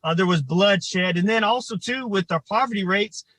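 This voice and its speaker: Ohio community organizer, man, higher voice, dry close sound, emotional and halting. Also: fairly bright tone, no echo, rough recording. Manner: halting, emotional, many fillers. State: choked up. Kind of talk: livestreamed protest testimony. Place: outdoors in front of a state capitol.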